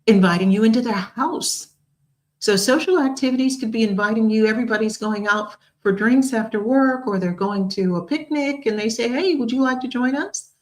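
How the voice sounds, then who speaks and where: A woman in her sixties, hosting a talk show and telling personal stories in an earnest, expressive way. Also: on the high side, normal speed, low-quality recording. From United States. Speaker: host.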